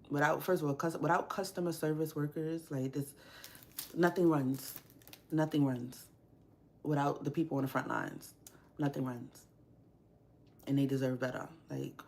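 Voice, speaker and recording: A woman's voice: low-pitched, vocal fry, darkish tone. A young woman hosting a casual livestream, ranting bluntly with frequent swearing and strong opinions. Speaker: livestream host. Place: home workspace.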